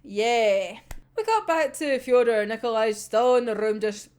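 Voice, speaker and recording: A woman's voice: a little high, lively intonation, normal speed, darkish tone, clean tone. A woman casually recapping an anime episode, giggling often, swearing freely and acting out the characters' lines. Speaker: anime discussion vlogger.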